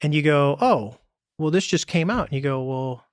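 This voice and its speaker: A former navy pilot, appearing as a podcast guest, talks in a voice on the high side, a little fast, clear and resonant. He's casual and blunt, telling stories with animation and acting out quoted dialogue. The recording is studio quality with no room sound.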